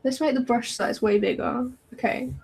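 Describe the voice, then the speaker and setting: A woman's voice: high-pitched, steady tone, moderate pace, a little mellow, slight background noise, rough recording. A woman co-hosting a podcast, chatting casually and thinking aloud while she draws, often giggling. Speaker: podcast co-host. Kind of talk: casual chat while drawing.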